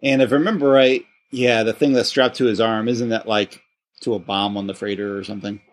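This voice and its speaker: A man's voice: lowish voice, fairly even intonation, brisk. Rambling male podcast host. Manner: rambling, many restarts and fillers. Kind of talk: casual chat.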